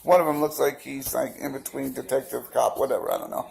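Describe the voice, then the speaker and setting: A man's voice: mid-range voice, fairly even intonation, fast, creaky, darkish tone, rough recording. A man telling a personal account in a rambling, casual way, full of fillers and restarts, acting out the other people's quoted lines. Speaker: protester recounting events. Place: outdoors by a busy street.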